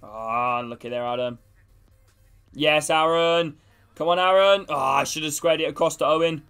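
A man's voice: a little high, moderate pace, fairly bright tone, clean tone, soft background music. A young man streaming a football video game, greeting his chat and geeing up his teammates, with casual swearing. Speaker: gaming streamer. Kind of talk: live gameplay chat with viewers.

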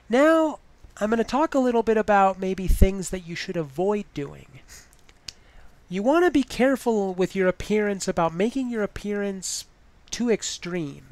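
A woman's voice: medium pitch, a little mellow, no room sound. A woman giving advice in a casual vlog, chatty and full of "you know" fillers.

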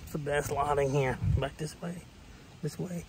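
A man's voice: on the high side, steady tone, moderate pace, noisy background. A man in his late thirties with a Southern US accent, chatting and joking to camera while fishing outdoors on a lake. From Tennessee, United States. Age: late 30s. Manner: chatty, rambling, jokey, laughs nervously. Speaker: fishing vlogger. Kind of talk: casual running commentary to camera. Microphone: action camera. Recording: loud rain on an action camera. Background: heavy rain.

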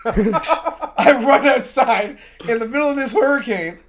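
A music producer with a very high-pitched voice tells a rowdy story slowly during a casual podcast chat. He's animated and profane, laughing and swearing as he goes.

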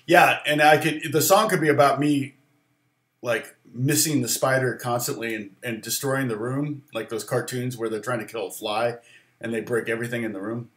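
A man's voice: medium pitch, steady tone, normal speed, a bit bright, echoey room. A middle-aged man hosting a casual livestream guitar lesson, rambling with fillers and laughs.

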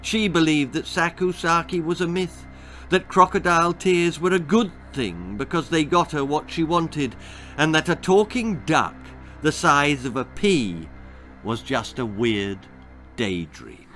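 A middle-aged man narrating his own children's story in an expressive, dramatic way. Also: fairly high pitch, measured pace, soft background music.

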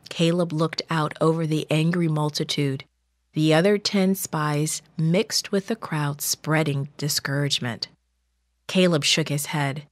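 Woman narrator, kids' Bible story, unhurried and lowish, dry close sound. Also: steady tone, no room sound. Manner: slow, measured, gentle reading.

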